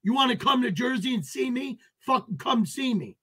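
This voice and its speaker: A man's voice: very high-pitched, expressive, moderate pace, fairly bright tone, slightly rough. A man hosting a livestream, ranting at chat in an aggressive, taunting, profane way and greeting viewers by name. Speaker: livestream host.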